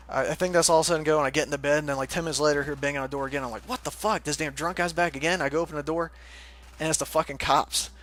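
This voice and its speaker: A man's voice: fairly high pitch, fairly bright tone. A young man casually telling a rambling story, laughing often and swearing freely. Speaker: forum moderator telling a story.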